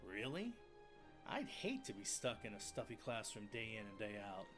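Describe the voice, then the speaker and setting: A man's voice: on the low side, huge pitch swings, normal speed. A man voicing an earnest, somewhat nervous young defense attorney in a fan-made game. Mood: uneasy. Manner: nervous, grumbling. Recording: game audio with music behind.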